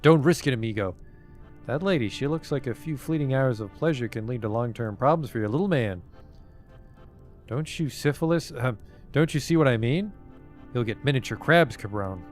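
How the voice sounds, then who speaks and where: A man's voice: medium pitch, lively intonation, normal speed, faint music behind, close to an everyday voice. A man voicing a cheeky male companion in a game who teases with Spanish slang. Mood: teasing. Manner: teasing, sly.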